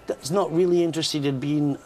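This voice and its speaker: A man's voice: fairly high pitch, fast talker, a little hiss or hum. An older Scottish man, a musician guest telling jokey stories in a chatty morning interview. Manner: jokey, lively storyteller.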